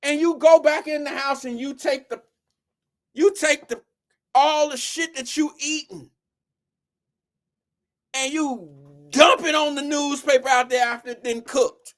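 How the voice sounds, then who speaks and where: A live show host telling a comedic rant, animated and profane, talking straight to the audience and swinging from shouts to low mutters. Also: unhurried, pauses often. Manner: addresses the audience directly as "y'all" and "guys".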